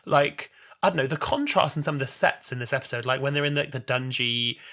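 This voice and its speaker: A man's voice: medium pitch, fairly quick, bright, forceful tone. A man in his twenties co-hosting a casual podcast chat, enthusiastic and rambling, often restarting his sentences. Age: 20s. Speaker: podcast co-host.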